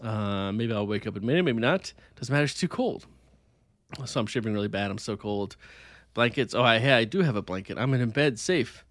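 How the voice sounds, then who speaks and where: A man's voice: fairly low pitch, expressive, a little fast, no room sound. A man co-hosting a podcast over video call, playfully reading a gamebook aloud and laughing often. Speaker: podcast co-host.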